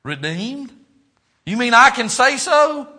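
A man preaching a sermon, swinging between loud, fervent exclaiming and quiet, low reflection. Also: very animated, slow pace, breathy edge.

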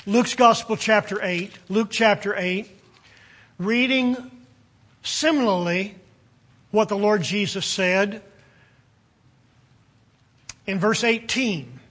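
Man, pastor, sermon, high voice, unhurried, deliberate pauses. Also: fairly bright tone. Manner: slow, deliberate delivery with long pauses between phrases; reads scripture in King James wording. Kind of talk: expository sermon with scripture reading.

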